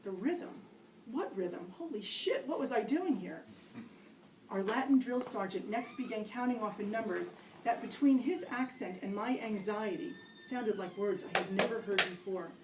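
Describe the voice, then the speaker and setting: A woman reading her own story aloud at a poetry event, wry and self-mocking, with lively asides. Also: medium pitch, moderate pace, noisy background. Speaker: poet reading her work. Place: gallery reading room. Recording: roomy, distant live-event recording.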